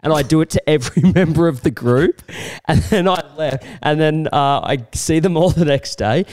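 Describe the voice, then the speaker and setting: A man's voice: on the high side, moderate pace, a little mellow, dry recording. A man co-hosting a comedy podcast, telling a story and laughing at himself. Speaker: comedian co-host. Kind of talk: casual podcast chat.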